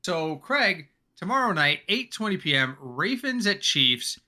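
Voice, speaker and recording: A man's voice: high-pitched, big pitch swings, a little slow, sharp tone. A man co-hosting a football podcast, chatty and joking, a little tired, talking in casual chat. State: tired, yawning. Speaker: podcast co-host.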